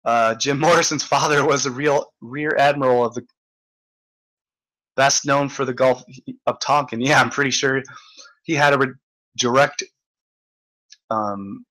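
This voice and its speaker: A man's voice: mid-range voice, unhurried, long pauses, pushed and bright, low-quality recording. A man hosting a casual livestream, rambling and joking, swearing often and laughing as he reads out chat comments.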